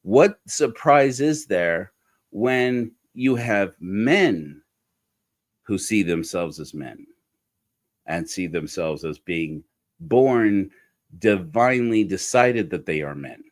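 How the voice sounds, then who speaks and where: A man's voice: lowish voice, animated, takes it slowly. A middle-aged man hosting a godless sermon, talking in a rambling, self-correcting way with wry asides. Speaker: podcast host. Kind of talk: casual sermon-style commentary.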